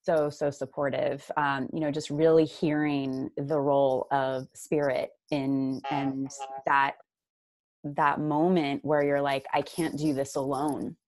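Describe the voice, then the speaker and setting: A woman's voice: low voice, little pitch movement, slow, darkish tone, dry recording. A woman hosting a casual interview, responding supportively with many fillers and reflections. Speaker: interviewer, host.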